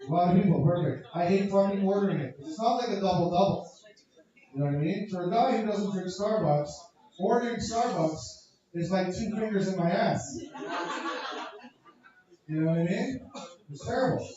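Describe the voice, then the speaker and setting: A high-voiced man from Canada does a crude, profane stand-up set and keeps riffing with the crowd. The recording is booming with echo and muffled. The mic hears him from far off in the comedy club. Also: normal speed, long pauses, mellow.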